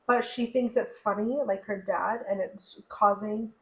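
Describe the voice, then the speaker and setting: Recorded in an echoey room, this young podcast co-host chats casually and openly about her life, wandering a bit and leaning on fillers. Her medium-pitched voice stays steady and measured.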